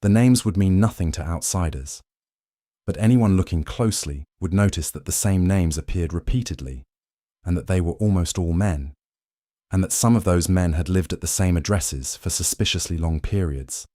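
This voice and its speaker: A man giving calm, measured, scripted second-person history narration meant for falling asleep. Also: low voice, no room sound, studio quality. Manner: calm, measured, even storytelling.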